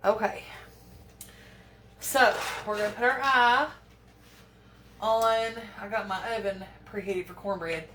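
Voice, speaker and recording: A woman's voice: mid-range voice, slow pace, long pauses, distant mic, heavy background noise. Folksy woman cooking at home. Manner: folksy, talks to viewers while fumbling and fretting. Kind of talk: chatty cooking demonstration. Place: home kitchen. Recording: echoey kitchen from off-mic with clattering pans.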